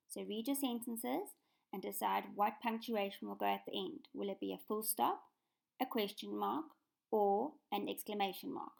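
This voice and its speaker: A woman teaching a remote lesson to young children in a patient, clear instructional tone. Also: mid-range voice. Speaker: primary school teacher.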